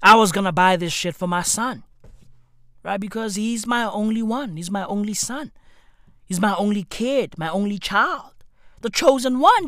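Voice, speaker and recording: A man's voice: high-pitched, measured pace, no room sound, studio quality. A young man doing a profane, rambling comedic monologue as a podcast host, tagging his lines with "right?". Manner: animated, swings up into shouts.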